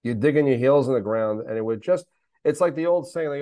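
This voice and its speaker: A man's voice: mid-range voice, lively intonation, a little fast, mellow, no room sound. A middle-aged man, a guest on a podcast, talking candidly and emphatically, repeating himself and swearing now and then. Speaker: podcast guest, special needs father. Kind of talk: candid conversational interview.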